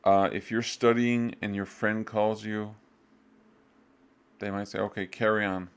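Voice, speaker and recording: In a slow, clean voice with little pitch movement, a man breezes through a review unit in an English class. He fills gaps with "blah, blah" and acts out brief student answers by jumping in pitch.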